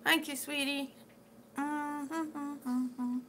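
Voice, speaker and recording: Woman live-streamer: high, bright, unhurried, affectionate chatter, with faint room noise behind her. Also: steady tone. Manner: chatty and affectionate, calls viewers sweetie. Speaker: vlogger reading live chat. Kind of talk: casual live-stream chat.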